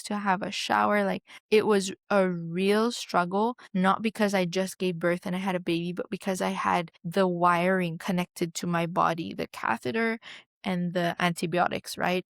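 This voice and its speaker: A woman's voice: mid-range voice, vocal fry, no echo, studio quality. Candid young mother telling her story. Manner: emotional, candid, quotes others in her retelling. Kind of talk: personal storytelling to camera.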